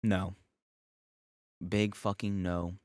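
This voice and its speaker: Man, young adult, low pitch, dry sound, casual review, cursing, jokey. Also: drawn-out words, clean tone, no room sound. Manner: animated, swearing, joking asides. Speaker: show reviewer.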